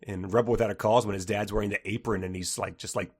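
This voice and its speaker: A man's voice: on the low side, fairly even intonation, fast, breathy edge. A man co-hosting a comedy book podcast, chatting casually, laughing often and reading passages aloud with mock drama. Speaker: podcast co-host.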